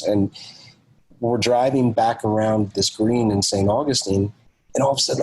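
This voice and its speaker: Husky-voiced man telling a lively story. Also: lowish voice, normal speed, rough recording. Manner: animated storyteller, acts out quoted dialogue. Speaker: podcast guest, author. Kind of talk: storytelling in a podcast interview.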